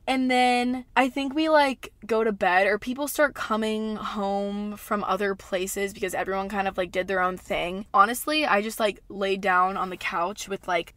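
A woman's voice: mid-range voice, no room sound. Chatty young woman telling a wild story. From American South. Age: young adult. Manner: rambling, filler-heavy, profane and animated. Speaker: podcast host. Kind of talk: casual storytelling.

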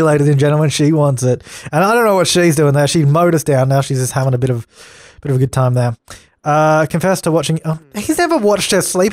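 Young man, gameplay commentary, chatty, easily exasperated, fairly high voice, dry close sound. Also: expressive, normal speed, a little mellow, no room sound. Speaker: let's play gamer.

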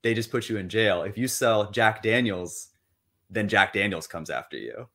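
A young man guest in a casual interview, talking in an animated way, acting out inner voices and swearing casually. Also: lowish voice, normal speed. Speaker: interview guest, money coach.

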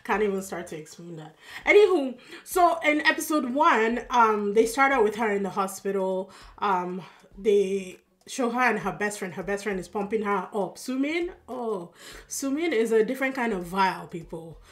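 A woman with a Yoruba-accented lilt talks through a drama episode in a loose, chatty recap. She sounds tired but stays expressive, with plenty of fillers and asides along the way. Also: medium pitch, normal speed. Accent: Yoruba-accented English. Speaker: drama reaction YouTuber. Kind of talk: casual recap.

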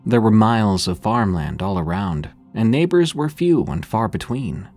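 A man narrating horror stories in a calm, measured, scripted reading. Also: on the low side, soft background music.

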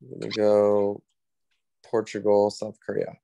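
A man's voice: on the low side, completely flat delivery, unhurried, creaky, mellow, no echo. A man giving laid-back, brief answers as a guest on a casual football podcast.

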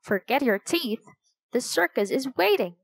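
A woman's voice: high voice, animated, measured pace, gravelly, no echo, pitched above the performer's own voice, full character voice. A woman reading the part of a teasing, hungry young boy in a storybook, with a lazy, joking delivery.

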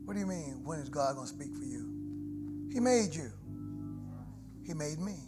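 A middle-aged man preaching from the pulpit, his voice a touch high for a man. He swings from hushed, prayerful murmurs to ringing shouts. Organ music plays clearly under him in a live church recording. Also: lively intonation, measured pace. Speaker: pastor. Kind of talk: sermon. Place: church sanctuary. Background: musical instruments.

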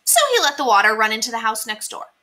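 A woman teacher reading a children's picture book aloud with slow, expressive storytelling. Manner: slow, expressive storytelling with big pitch swings. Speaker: elementary school teacher.

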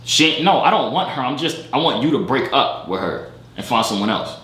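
A young man vlogging late at night, blunt and teasing in a deep, sleepy voice. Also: expressive, fairly quick, a bit bright, roomy sound. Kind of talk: casual video chat banter. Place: bedroom at night.

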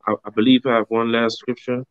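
A man's voice: medium pitch, flat delivery, quick pace, clean tone, no echo. Slangy emphatic man, dull dry sound. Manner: swears freely. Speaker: co-host of a religious live stream. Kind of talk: casual scripture discussion.

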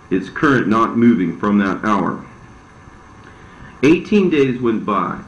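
A man giving a steady, solemn scripted reading of an ancient religious text. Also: on the low side. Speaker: scripture reader. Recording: roomy, slightly dull recording.

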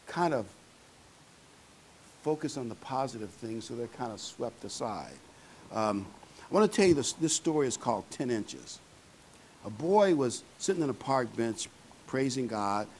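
A man's voice: mid-range voice, big pitch swings, unhurried, long pauses, darkish tone, slight background noise, low-quality recording. A man preaching a sermon in a conversational, folksy way, with fillers and asides to the congregation.

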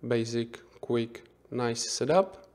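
A man giving an unscripted software tutorial as instructor, thinking aloud with frequent restarts and self-corrections. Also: mid-range voice, slow. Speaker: 3D visualization instructor.

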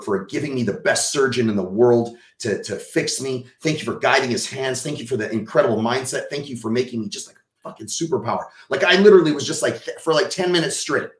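A man from Texas, a podcast guest, telling a personal story in an animated way, casually swearing and acting out what people said. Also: mid-range voice, echoey room.

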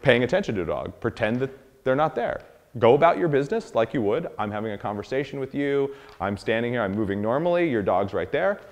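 A man giving a casual, animated dog-training lesson, acting out dogs and people in quick quoted voices. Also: mid-range voice, big-room sound. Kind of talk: casual instructional talk.

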